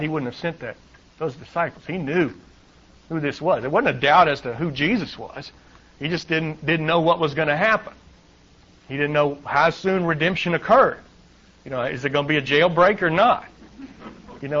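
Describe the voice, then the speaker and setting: A man's voice: on the high side, a bit bright, lo-fi sound. A middle-aged man preaching a sermon, reading scripture aloud and adding wry asides with chuckles. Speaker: pastor. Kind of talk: sermon, Bible teaching.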